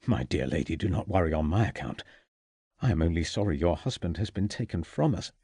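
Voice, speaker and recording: Calm, courteous Victorian inspector; man reading. Measured, dry audiobook sound. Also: deep voice, breathy edge, dry recording, pitched below the performer's own voice, exaggerated voice.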